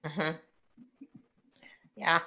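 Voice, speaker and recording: A woman's voice: low voice, fairly even intonation, drawn-out words, creaky, pushed and bright, poor audio. A woman playing a tabletop game, speaking in character in a wry, slightly snooty way. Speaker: player.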